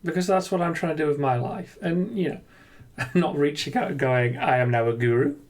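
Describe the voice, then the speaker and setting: A man's voice: fairly high pitch, moderate pace. A man talking through an unscripted, reflective video monologue, hesitant and earnest, with lots of ums and restarts. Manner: earnest and self-deprecating. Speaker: gaming video creator.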